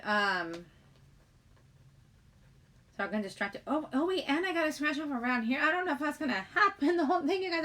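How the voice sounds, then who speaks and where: Hosting a livestream, a middle-aged woman talks in a fairly high voice with a bright, forceful tone. She rambles, giggles and says hello to viewers in the chat.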